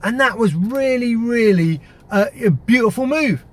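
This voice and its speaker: With a very high-pitched, animated voice, a man gives media advice at an unhurried pace. He is an activist speaking casually and emphatically in an instructional way, repeating words and tossing in "yeah?" and "right?" to check in.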